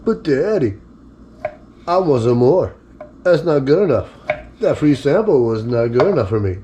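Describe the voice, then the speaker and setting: A man's voice: medium pitch, sing-song, normal speed, warm tone, muffled recording, a little hiss or hum, lightly acted. A man putting on a voice for his pet dog, a greedy male dog whining and pleading for more food. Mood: whiny begging. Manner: pleading, whiny.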